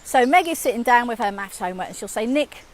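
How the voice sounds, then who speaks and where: A woman's voice: fairly high pitch, animated, fast talker, slight background noise. A woman in her fifties, a communication coach, talking casually to camera and acting out her own inner voice. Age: 50s.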